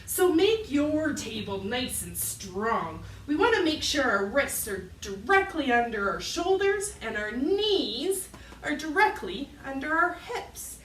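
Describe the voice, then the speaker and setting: A woman's voice: high-pitched, sing-song, slow pace, a bit bright, recorded from a distance, a little hiss or hum. A woman leading a children's yoga class, playful and encouraging, making animal sounds for the kids. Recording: roomy echo, voice from off mic.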